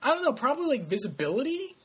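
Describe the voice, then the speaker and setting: A man's voice: very high voice, very animated, slightly rough. A man co-hosting a casual gaming podcast, jokey and sarcastic, reading out listener comments between riffs. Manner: jokey, sarcastic, quick to laugh. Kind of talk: casual chat about video games.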